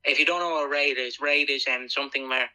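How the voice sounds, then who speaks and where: Guy on a podcast, really bright sharp voice, lively, a bit radio-sounding. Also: medium pitch, a little fast, low-quality recording. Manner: animated, mimics people with silly voices. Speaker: podcast co-host. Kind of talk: casual chat.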